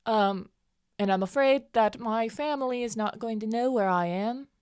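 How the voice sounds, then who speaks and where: A woman's voice: fairly high pitch, moderate pace, a little mellow, smooth, dry recording, studio quality, pitched above the performer's own voice, natural voice. A woman voicing an anxious, muddled young eladrin woman who rambles about her worries. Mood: worried. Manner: worried, rambling, slightly lifted voice.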